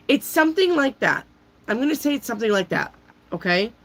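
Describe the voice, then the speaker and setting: A woman giving a casual tarot reading while she has a cold, chatty and loose, often clearing her throat. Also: on the high side, lively intonation, fairly quick, a bit bright, low-quality recording. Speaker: tarot reader.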